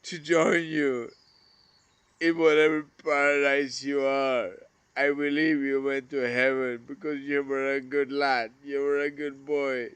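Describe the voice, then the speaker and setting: A man pours out his grief to the camera in a slow, unhurried ramble full of curses. He lurches from raised, cracking outbursts to hushed murmurs. The sound is dry and close, with crickets and insects around him outdoors. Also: mid-range voice, level tone, smooth, dry recording. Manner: grieving, rambling, swearing, swings from loud outbursts to near whispers. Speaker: vlogger. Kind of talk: emotional personal monologue.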